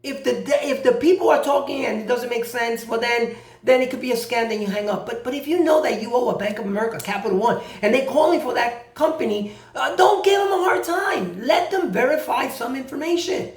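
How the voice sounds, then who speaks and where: A man giving a casual how-to talk as a credit repair advisor, animated and repeating key points, acting out both sides of phone calls. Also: extremely high pitch, a little fast. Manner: repeats himself for emphasis. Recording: roomy echo.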